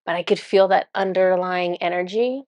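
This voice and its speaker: A woman with a somewhat low voice tells a story straight to camera, chatty and amused, often breaking into laughter. Now and then she sinks into a soft, breathy murmur. The recording is dry and close, with no room sound. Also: normal speed, no echo. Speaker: spiritual channeler.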